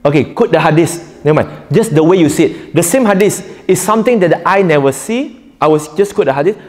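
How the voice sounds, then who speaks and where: Male preacher-teacher, slightly high pitch, playful and interactive, live hall sound. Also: animated, brisk, a little mellow. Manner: jokey, quizzes the audience, laughs often. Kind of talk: interactive lecture.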